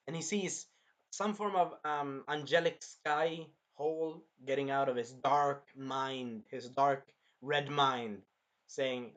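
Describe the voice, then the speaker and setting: A man co-hosting a casual review chat, excitable and breaking into shouted impressions of scenes. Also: medium pitch, slow. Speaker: anime review co-host.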